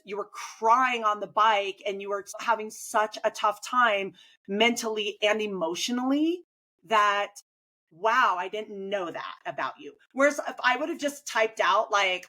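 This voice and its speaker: Woman, coach-host, casual and chatty, medium pitch, lively delivery. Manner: chatty, animated, acts out quoted remarks. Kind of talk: casual conversation.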